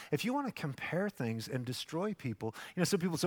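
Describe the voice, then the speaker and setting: A man in his fifties preaching a sermon with acted asides, swinging from loud bursts to hushed, soft passages. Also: high-pitched, very animated, brisk, few pauses. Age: 50s. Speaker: pastor. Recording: long hall reverb.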